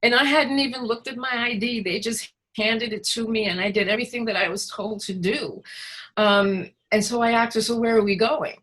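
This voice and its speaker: A woman recovery worker telling her own story, hesitant with frequent pauses and fillers. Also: a little high, steady tone, a bit bright, poor audio. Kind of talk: personal storytelling in a conversation.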